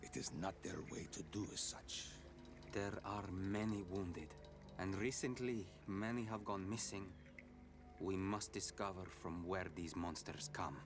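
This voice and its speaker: An actor playing a proud native village elder in a role-playing game, speaking formally and gravely. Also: male voice, low voice, unhurried, music in the background.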